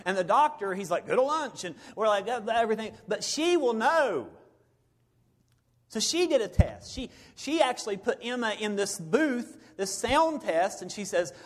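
A middle-aged man, a preacher, telling a personal story in a sermon, swinging between loud bursts and hushed moments. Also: high voice, sing-song, moderate pace.

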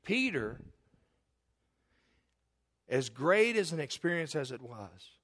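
A man's voice: on the high side, sing-song, slow pace, fairly bright tone. A middle-aged male pastor, preaching a sermon with stories that build to an emphatic, rising delivery.

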